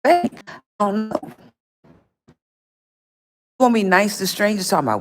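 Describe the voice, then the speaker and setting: A woman's voice: mid-range voice, expressive, brisk, pauses often. A woman on a phone livestream, ranting straight at an absent person in a confrontational, scolding, repetitive way. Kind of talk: livestream rant.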